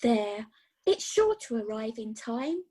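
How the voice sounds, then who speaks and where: A woman playing a gentle, slow bridesmaid. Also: fairly high pitch, sing-song, breathy edge, heavily acted. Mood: comforting. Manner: slow, comforting.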